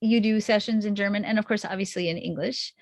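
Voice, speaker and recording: Warmly affirming woman podcast host, dry sound. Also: mid-range voice, fairly even intonation, fast talker, no room sound. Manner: enthusiastic, affirming questions with many restarts. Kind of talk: interview podcast. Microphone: video call.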